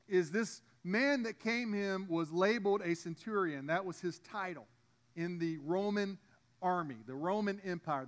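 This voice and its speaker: A high-pitched man, a pastor giving a sermon. He preaches conversationally, stumbling into restarts and stepping aside to talk straight to his congregation. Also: fairly bright tone.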